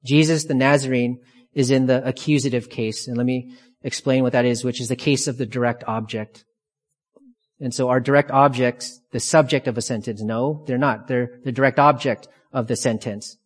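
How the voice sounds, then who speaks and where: A man preaching an expository sermon, emphatic and deliberate, repeating key phrases for weight. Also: medium pitch, steady tone. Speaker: pastor. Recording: long reverb of a large hall.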